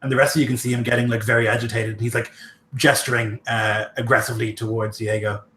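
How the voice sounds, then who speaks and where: A man's voice: mid-range voice, little pitch movement, fast talker, fairly bright tone, roomy sound, slight background noise. A man running a tabletop game as game master, narrating loosely with many fillers.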